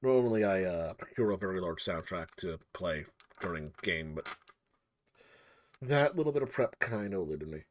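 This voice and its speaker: Man game master, easygoing, swears freely, lively pitch swings. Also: moderate pace, slight background noise. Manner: relaxed, swearing, self-mocking. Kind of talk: casual streaming chat between game turns.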